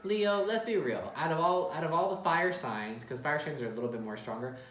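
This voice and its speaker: A man's voice: on the high side, expressive, fairly quick, fairly bright tone. A man giving a casual tarot reading, talking bluntly and emphatically with some swearing. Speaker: tarot reader. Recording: roomy echo with faint music.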